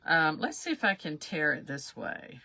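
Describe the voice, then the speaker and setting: A woman's voice: low-pitched, very animated, moderate pace, vocal fry, bright, forceful tone, slight background noise. A woman hosting a live craft demonstration, chatting in a rambling, self-deprecating way as she works. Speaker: craft livestream host.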